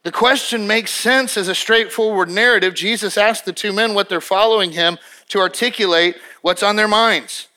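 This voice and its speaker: A man preaching from the pulpit with a high-pitched voice. His tone is bright and forceful, and he talks to the congregation in an emphatic, conversational way. He often restarts and repeats words as he builds each point. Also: moderate pace. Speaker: pastor. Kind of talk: sermon.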